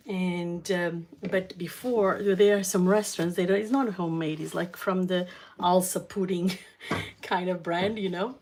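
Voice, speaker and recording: Lady chatting slow while she cooks, lots of ums and restarts, lowish voice. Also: steady tone, slight background noise. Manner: slow and hesitant, many fillers and restarts. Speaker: cooking channel host. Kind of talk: casual storytelling while cooking.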